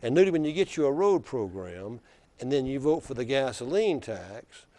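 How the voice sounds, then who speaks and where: A man imitating an old Southern governor with a deep Alabama Black Belt accent, coaxing and repeating a younger lawmaker's nickname. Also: sing-song, moderate pace, a little mellow, lightly acted. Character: older male Southern governor, drawling and coaxing.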